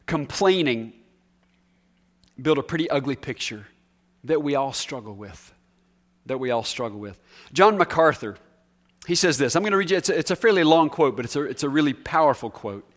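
Emphatic male preacher, slightly high voice. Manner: emphatic, repeats key words, shifts between loud and soft. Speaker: pastor. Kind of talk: sermon.

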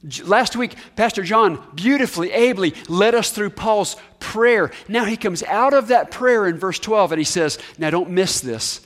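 A male preacher with a high voice delivers a sermon in a conversational way, often turning to ask the listeners questions. He leans hard on key words, then drops to a near hush to let a point land. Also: normal speed, hardly any pauses. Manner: emphatic, swings from raised highs to hushed lows.

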